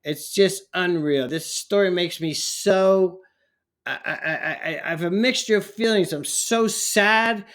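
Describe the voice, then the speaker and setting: A man's voice: high-pitched, a little slow, a bit bright. A man ranting heatedly in a political commentary vlog, often stumbling over his words.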